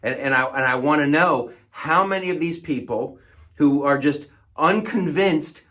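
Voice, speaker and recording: A man's voice: fairly high pitch, a little slow, fairly bright tone. A male comedian host delivering a sarcastic comedic monologue, often stammering and repeating words.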